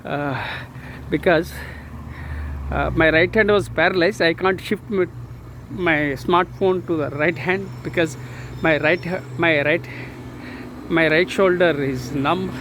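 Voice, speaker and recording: Man in his sixties, walking vlog, slow halting speech, phone held in hand, loud street traffic behind. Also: a little high. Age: 60s. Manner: slow, halting, many "uh" fillers and repeats. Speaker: vlogger. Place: outdoors on city streets with traffic. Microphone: phone held in hand while walking. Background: traffic and street noise.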